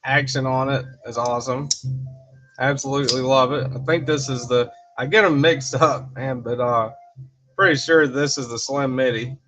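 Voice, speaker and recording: A man's voice: medium pitch, steady tone, moderate pace, a bit bright. Rambling man hosting a garage livestream. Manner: rambling, with many fillers like "you know" and "uh"; laughs often between remarks. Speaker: livestream host. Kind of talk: casual livestream chat, reading out viewer comments. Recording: slightly dull livestream audio with faint background music.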